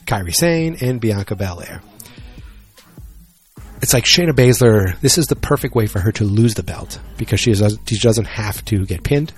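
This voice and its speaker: Male vlogger, lowish voice, loose rambling delivery with self-mocking jokes. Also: expressive, normal speed, soft background music. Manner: rambling, joking, self-deprecating. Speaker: solo wrestling vlogger. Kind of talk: casual rambling chat.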